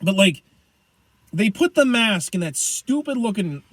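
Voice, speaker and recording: A man's voice: high voice, very animated, a little slow, fairly bright tone, no room sound, low-quality recording. A man co-hosting a podcast, chatting casually about films, rambling with lots of fillers and restarts. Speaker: podcast co-host. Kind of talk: casual film review chat.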